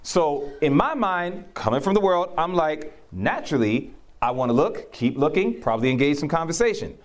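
At a moderate pace, a man with a fairly high pitch preaches by recounting his own experiences. It's testimony in conversation, and he acts out what others said, laughing a lot along the way.

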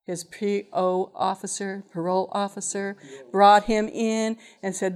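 A woman giving a spoken testimony to an audience about her time teaching in a GED lab. She tells it as an animated story, acting out the other people's voices. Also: medium pitch, moderate pace, few pauses. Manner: lively storyteller who acts out voices and laughs.

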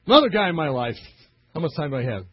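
A man's voice: on the high side, big pitch swings, fast, breathy edge, no echo. A middle-aged man preaching a storytelling sermon, acting out the voices of the people in his stories. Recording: dull lo-fi recording.

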